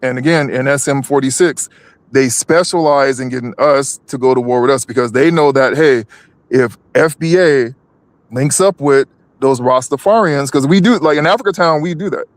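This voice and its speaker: A man's voice: mid-range voice, moderate pace. A man co-hosting a live stream, talking politics casually, with many restarts and repeated words.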